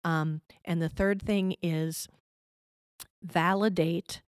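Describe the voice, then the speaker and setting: Middle-aged woman, parenting guest, patient explainer, lowish voice, dry close recording. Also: fairly even intonation, slow, dry recording. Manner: patient, explanatory, checks in with "okay?". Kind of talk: conversational advice interview.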